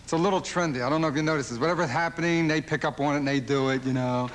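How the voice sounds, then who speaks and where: A male stand-up comedian, firing off observational jokes on a late-night talk show and mimicking fans in silly voices. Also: steady tone. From Philadelphia. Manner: rapid-fire observational jokes, mimics fans and dog owners in high voices. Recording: old television broadcast with loud audience laughter. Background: studio audience laughing.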